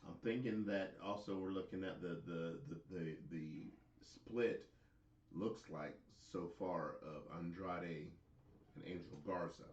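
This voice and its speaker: A man with a very deep voice co-hosts a casual wrestling chat, often stalling and repeating words as he gathers his thoughts. The room is echoey and the sound dull. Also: distant mic. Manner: halting, repeats words as he thinks. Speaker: co-host.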